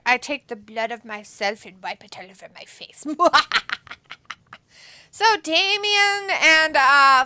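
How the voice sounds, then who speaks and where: A woman hosting a wrestling watch-along, commenting excitedly and joking as she mimics the wrestlers. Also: sits high, no echo. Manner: excitable, jokey, mimics wrestlers in silly voices.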